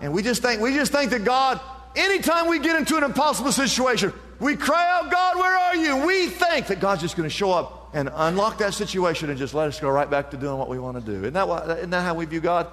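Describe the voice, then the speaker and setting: A man preaching with real fervor, his voice pitched high and rising higher when he drives a point home. The sound carries a long reverb, as if from a large hall. It is an energetic sermon delivery. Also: fast. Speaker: pastor.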